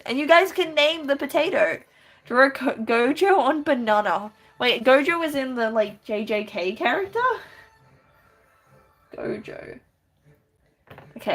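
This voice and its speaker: Woman streamer, slightly high voice, giggly and chatty, draws while she talks to chat. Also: fairly bright tone. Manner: giggly, chatty, reads chat aloud and answers with many restarts. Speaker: live-streaming artist. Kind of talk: casual live-stream chat while drawing.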